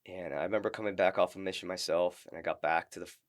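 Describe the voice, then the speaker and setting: A middle-aged man, a retired Marine, telling stories as a podcast guest in a halting, earnest way with many restarts. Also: deep voice, fairly even intonation. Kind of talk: casual interview storytelling.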